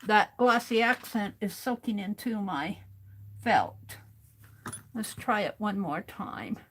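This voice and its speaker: A woman's voice: mid-range voice, lively intonation, slow, fairly bright tone. A woman livestreaming as she crafts at her desk, chatting casually and thinking aloud to herself as she works. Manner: talks to herself while working, thinking aloud. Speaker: crafting streamer.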